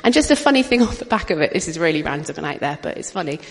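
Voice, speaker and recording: A woman's voice: deep voice, big pitch swings, racing. Chatty woman in a reverberant hall. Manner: chatty and anecdotal, with frequent laughter. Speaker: speaker at a church gathering. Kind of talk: informal testimony talk.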